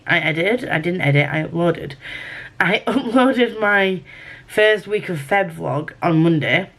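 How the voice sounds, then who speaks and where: A woman with a Yorkshire accent chatting casually in a book vlog, rambling and correcting herself as she goes. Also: lowish voice. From Yorkshire, England. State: feeling unwell. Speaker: book vlogger.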